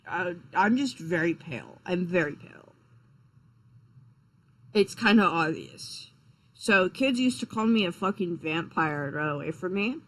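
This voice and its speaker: A young man rambles through stories on a live stream, swearing freely and tripping over his own restarts. He sounds sleepy and unhurried, with a casual, offhand delivery. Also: high-pitched, animated, a bit bright, low-quality recording. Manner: rambling, profane, frequent fillers and restarts. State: tired, yawning.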